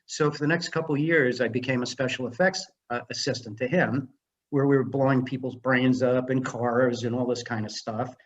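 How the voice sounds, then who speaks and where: An older man who works as a film director and screenwriter tells stories as a guest in a casual interview, speaking at a moderate pace in a medium pitch. An animated storyteller, he acts out the dialogue, and the sound is lo-fi.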